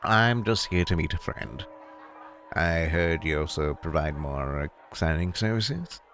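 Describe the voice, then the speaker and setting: A man's voice: low-pitched, lively intonation, measured pace, fairly bright tone, a faint crowd, slight background noise, heavily acted. A man voicing a cocky, coy male raccoon photographer in a game, with a dry, plain delivery. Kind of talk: reading game dialogue aloud.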